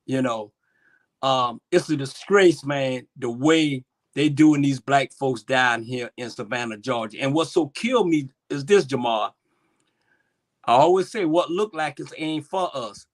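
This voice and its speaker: A man with a high voice for a man, talking with passion. He jumps from loud, pressing questions to low, quiet asides and repeats his points. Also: normal speed. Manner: impassioned, swings loud and soft, repeats himself. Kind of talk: impassioned casual talk.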